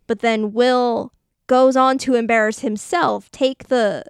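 A woman's voice: a little high, fairly even intonation, slow pace, clear, resonant tone, no echo, clean studio sound. A woman co-hosting a podcast, recapping a movie in casual chat and doing playful voices for the characters. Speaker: podcast co-host.

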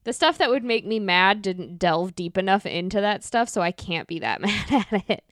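A woman co-hosting a podcast, giving opinionated views in a casual movie review chat with quick wry remarks. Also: mid-range voice, animated, a bit bright, dry recording, studio quality. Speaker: podcast co-host.

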